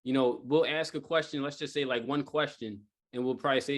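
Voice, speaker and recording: A man's voice: mid-range voice, steady tone, a little fast. A man giving a live sales training talk to a group, speaking in a casual, rambling way with lots of fillers and rhetorical "right?" checks. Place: training room with a live audience.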